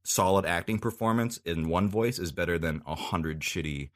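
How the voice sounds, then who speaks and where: Man, very deep voice, casual podcast chat, relaxed and rambling. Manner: laid-back, explains at length with many pauses. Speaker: voice actor guest.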